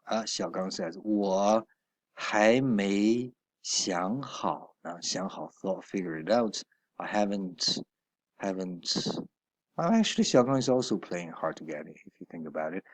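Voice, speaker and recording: A man's voice: low-pitched, animated, measured pace, no echo. A man teaching a Chinese textbook lesson, explaining each line patiently with hesitant fillers and corrections along the way.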